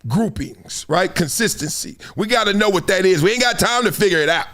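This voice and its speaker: A middle-aged man hosting solo sports commentary, animated and fond of acting out quotes in other voices. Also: high-pitched, fairly quick.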